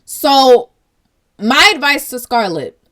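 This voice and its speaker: A woman's voice: high voice, big pitch swings, takes it slowly, a bit bright. A young woman, hosting her own vlog and speaking in an earnest, direct commentary style that turns tearful at times. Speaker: vlog host.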